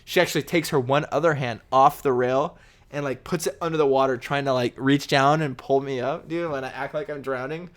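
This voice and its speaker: A man's voice: mid-range voice, fairly even intonation, fairly quick. Young man rambling with "you know"s. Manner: rambling storyteller, lots of "you know" and "dude". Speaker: podcast co-host. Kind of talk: casual chat.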